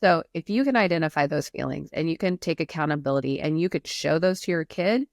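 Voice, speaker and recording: A woman's voice: low-pitched, fast talker, vocal fry, no echo, studio quality. A woman therapist speaking earnestly and emphatically in a podcast conversation, explaining at length. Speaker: therapist guest.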